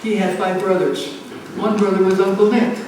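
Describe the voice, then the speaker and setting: A woman's voice: medium pitch, flat delivery, normal speed, a little mellow. A woman in her nineties telling a personal story at a community center gathering, acting out the voices of the people in it and laughing as she goes. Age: 90s. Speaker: storyteller at a family event. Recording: echoey hall, mic far off, faint hum.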